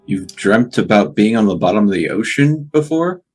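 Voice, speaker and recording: A man playing a tabletop game, thinking aloud in a contemplative, measured way as he describes his character. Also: lowish voice, animated, breathy edge, soft background music.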